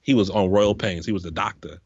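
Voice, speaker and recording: A man co-hosting a casual podcast, talking in an animated, profane way and acting out scenes in quoted voices. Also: sits low, a little fast, creaky, breathy edge, lo-fi sound. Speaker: podcast co-host. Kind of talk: casual chat.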